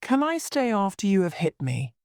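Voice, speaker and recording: A reader voicing a polite young gentleman in an audiobook, sounding courteous and hurt. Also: medium pitch, very animated, moderate pace, smooth, no echo, clean studio sound, pitched above the performer's own voice. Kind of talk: audiobook reading.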